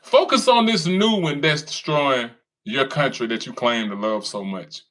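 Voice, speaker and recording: Reading out viewer comments in casual commentary, this streamer has a medium-pitched, fairly bright voice and a measured pace. He mocks and taunts his audience, frequently breaking into laughter.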